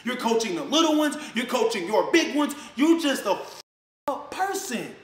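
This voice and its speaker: A man's voice: very high-pitched, sing-song, moderate pace, reverberant. A man on a clip, ranting in a heated, accusing way and throwing around slang as he calls someone out. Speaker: social media personality. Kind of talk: confrontational rant to the camera.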